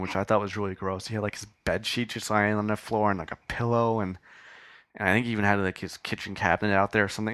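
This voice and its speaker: A man telling a loose, rambling story on his podcast, dropping in casual swearing as he goes. His voice sits fairly low. He records on a podcast mic in a dry home studio. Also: a bit bright, no room sound. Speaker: podcast host.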